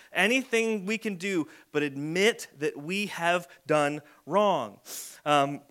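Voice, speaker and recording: A man's voice: fairly high pitch, bright, forceful tone. A man preaching a conversational sermon as a pastor, telling everyday stories. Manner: conversational storytelling with acted kid voices.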